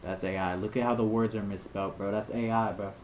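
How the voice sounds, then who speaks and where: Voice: deep voice, fairly even intonation, fast, darkish tone, a little hiss or hum, rough recording. A young adult creator delivering screen reaction commentary. They talk in heavy slang and rant with disbelief at what they see. Casual swearing runs all through the delivery. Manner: slangy, incredulous ranting. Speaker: video creator.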